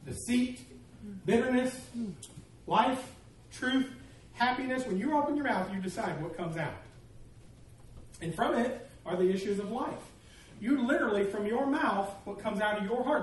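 A man preaching a sermon as pastor, telling stories with humor and animation. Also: high-pitched. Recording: echoey room, distant mic, faint noise.

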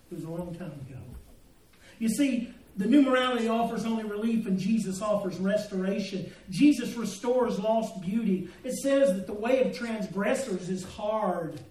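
A man's voice: high-pitched, normal speed, a little mellow. A man preaching a sermon in a church, telling folksy stories with jokes and asides to the congregation. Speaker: pastor. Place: church sanctuary. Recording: echoey hall, mic from a distance.

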